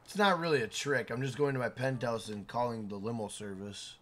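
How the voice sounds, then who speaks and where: A man live-streaming a video game, talking loudly to his chat with swearing and shout-outs. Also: medium pitch, a little fast, slight background noise.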